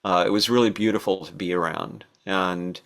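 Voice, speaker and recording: An older man telling stories from his past as a podcast guest, thoughtful and unhurried, with fillers and restarts. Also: sits low, steady tone. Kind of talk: relaxed storytelling interview.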